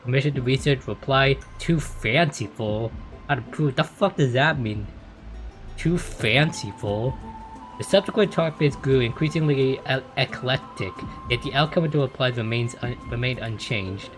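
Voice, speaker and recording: A man's voice: medium pitch, lively intonation, a little fast, hardly any pauses. A young man playing a story game, reading its text aloud and reacting bluntly with casual swearing. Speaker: gamer playing through a story. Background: game music.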